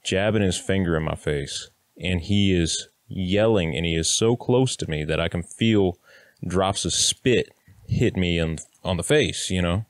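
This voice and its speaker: A deep, unhurried voice belongs to a man in his thirties from Kansas, United States, recorded with no room sound. Facing the camera, he tells a personal story in a blunt, plain manner, occasionally cursing and acting out people's words.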